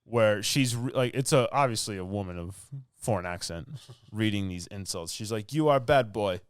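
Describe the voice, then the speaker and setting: A man with a smooth, resonant voice rambles through a movie plot for his podcast, full of fillers and asides. The sound is close and dry, with no room around it. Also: on the low side, normal speed, dry recording. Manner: rambling, filler-heavy storytelling with laughs. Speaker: podcast co-host. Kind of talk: casual movie recap.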